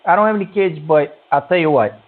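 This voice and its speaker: A man's voice: fairly high pitch, quick pace. A man hosting a comedic call-in radio show, blunt and heated, swearing as he lectures. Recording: tinny phone-like line.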